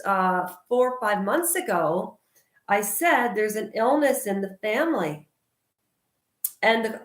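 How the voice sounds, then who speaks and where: A woman vlogger ranting loudly and outspokenly in a casual talk to camera. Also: medium pitch, reverberant. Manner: loud and outspoken. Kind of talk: casual opinion rant to camera.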